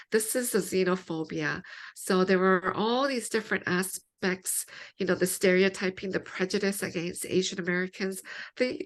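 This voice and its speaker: A woman's voice: fairly low pitch, a bit bright. A woman theologian answering podcast interview questions in an earnest, explanatory way, building her point through many examples. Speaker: theologian guest.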